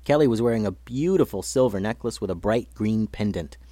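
A man narrating a children's story in a gentle, lively reading manner. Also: fairly low pitch, a little fast, no room sound.

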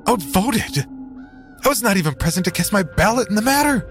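A man voicing a crippled, one-eyed frontier settler who shouts in outrage at his own family, in a horror story reading. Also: high-pitched, sing-song, brisk, faint music behind, voice pushed up. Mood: indignant.

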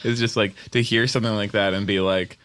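A man's voice: on the low side, fairly even intonation, fairly quick, a bit bright, smooth. A man co-hosting a comedy podcast, speaking with mock-sincere earnestness. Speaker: podcast co-host. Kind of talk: improvised comedy podcast banter.

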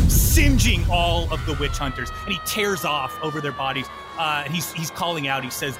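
A man's voice: fairly high pitch, over music. Playful man running a tabletop game. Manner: playful, quick to do little voices. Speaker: game master.

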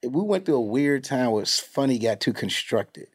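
A man hosting a laid-back podcast, full of slang and swearing. His pitch swings widely as he tells stories and plays out bits of movie scenes, all from a mid-range voice. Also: moderate pace, slightly rough. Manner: animated, slangy, profane storytelling. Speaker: podcast host. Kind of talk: casual podcast chat.

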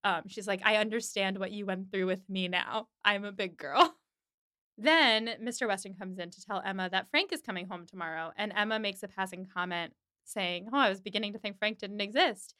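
A woman's voice: medium pitch, brisk, pushed and bright, no echo, clean studio sound. A woman hosting a casual podcast chat, animatedly retelling a TV episode and acting out the characters' lines. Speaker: podcast host.

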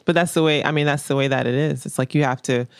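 A woman's voice: very deep voice, fairly even intonation, fast, smooth, no echo. Straight-talking woman artist, hammers the same point over and over, dry close mic. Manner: blunt and emphatic, repeats key phrases. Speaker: painter being interviewed. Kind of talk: candid casual interview talk.

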